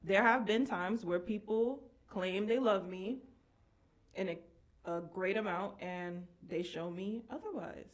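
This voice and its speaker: A woman's voice: medium pitch, measured pace. A woman hosting a casual podcast, talking bluntly and candidly, with frequent swearing. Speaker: podcast host. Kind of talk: casual chat.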